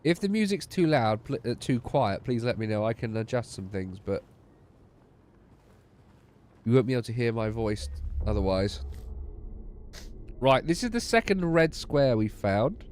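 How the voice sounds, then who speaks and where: A man's voice: mid-range voice, lively intonation, measured pace, long pauses, a little mellow. A man streaming a game, tired and yawning, making wry, sardonic asides. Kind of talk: gameplay commentary.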